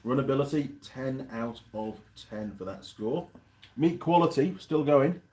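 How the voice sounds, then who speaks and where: A man's voice: medium pitch, lively intonation, unhurried, darkish tone. Chatty man reviewing a pie while eating. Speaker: channel host reviewing pies on a live stream. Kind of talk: casual live-stream chat.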